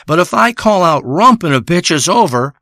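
A man's voice: sits high, sing-song, moderate pace, bright, forceful tone, no echo, studio quality. A man telling a crude, profane, rambling comedic monologue. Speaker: comedic storyteller.

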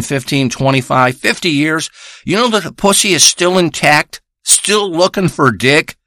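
Crude braggart treasure hunter guy, a man doing the bit, tense bright tone, dry recording, swears nonstop. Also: fairly high pitch, no room sound, exaggerated voice. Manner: profane, rambling and boastful. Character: crude rambling male backwoods treasure hunter. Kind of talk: improvised comic character monologue.

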